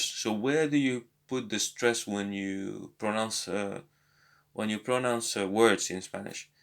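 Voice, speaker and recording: A man's voice: mid-range voice, a bit bright. Hesitant man teaching a language lesson. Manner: hesitant, many fillers and restarts. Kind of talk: casual spoken lesson.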